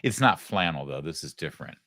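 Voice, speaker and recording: A man's voice: extremely low pitch, lively intonation, pushed and bright, no echo, studio quality. A middle-aged man from Michigan hosting a political talk show, delivering an emphatic, sarcastic monologue. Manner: sarcastic, emphatic, quick asides.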